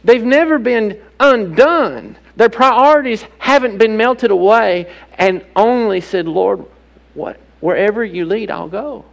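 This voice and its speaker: A pastor with a high, gravelly voice preaches a sermon from the pulpit, animated and emphatic, often turning to his listeners with rhetorical questions. He keeps a measured pace with hardly any pauses, and the recording is rough.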